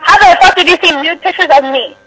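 A woman's voice: extremely high pitch, quick pace, heavy background noise. A woman on the phone, angry and confrontational, demanding to know who the caller is. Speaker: call recipient. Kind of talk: heated phone argument.

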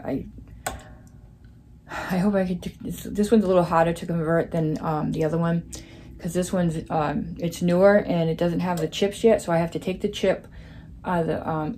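A woman's voice: lowish voice, a little mellow, slight background noise. A woman hosting a casual crafting vlog, chatty and rambling, with plenty of fillers as she talks. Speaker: crafting channel host.

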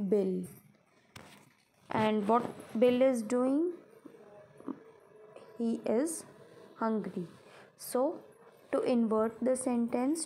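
A woman's voice: a little high, mellow. A woman teacher explaining grammar to a class step by step, repeating her examples.

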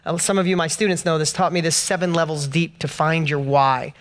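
A man on stage at an event, delivering a motivational speech with a notably high voice. He tells a personal story with passion, climbing in pitch and force as he hammers home each point. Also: little pitch movement, brisk, fairly bright tone. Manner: passionate personal storytelling, rising to emphatic peaks. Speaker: motivational speaker. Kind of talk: motivational speech to a live audience.

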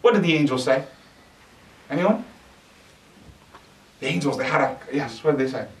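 Animated male preacher in an echoey hall. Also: fairly high pitch, moderate pace. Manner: animated, asks the audience questions. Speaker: mosque lecturer. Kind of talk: sermon. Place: mosque hall. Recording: echoey hall, distant mic.

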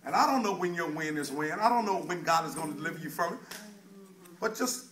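A man preaching a sermon in a fiery call-and-response style, shouting at times and dropping low at others. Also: animated, fast, a crowd in the background.

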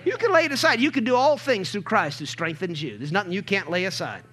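A man preaching a sermon as pastor, calling out to the congregation and building to emphatic shouts. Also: high-pitched, very animated, fast. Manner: call-and-response preaching, swells to emphatic shouts.

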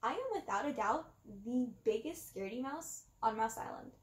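A woman reading a children's book aloud, with expressive, dramatic pauses. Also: a little high. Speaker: reader. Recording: roomy echo.

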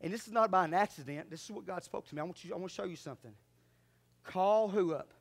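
A man preaching a sermon in church, fervent and calling out to his congregation. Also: fast. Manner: fervent preaching that swings from loud exhortation to low asides. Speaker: pastor. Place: church sanctuary.

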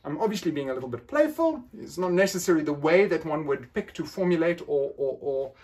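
A male lecturer explaining ideas in an academic style. His pitch moves a lot and keeps the delivery lively. He plays with the phrasing, turning quoted statements into rising questions. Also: brisk.

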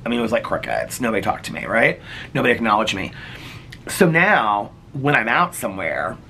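Middle-aged male vlogger from Indiana, lowish and bright, chatty and heartfelt. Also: very animated, a little fast, gravelly, slight background noise. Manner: chatty, earnest, heavy use of "like". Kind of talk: casual personal storytelling.

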